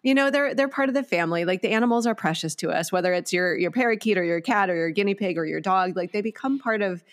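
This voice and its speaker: A woman pastor hosts a podcast in a mid-range voice. She talks in a warm, encouraging way and keeps the conversation casual and easy. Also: medium pitch, fast.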